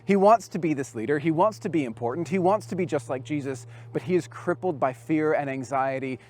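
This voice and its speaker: Man telling a lively youth sermon. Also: fairly high pitch, fairly quick, hardly any pauses. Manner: storytelling, lively with acted quotes. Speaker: youth speaker.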